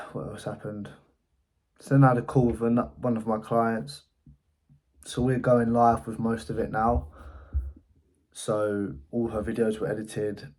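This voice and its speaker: A man's voice: fairly low pitch, a little mellow. A man, an agency owner telling a story in a casual vlog, blunt and swearing freely. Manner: blunt, swears freely, recounts a frustrating call.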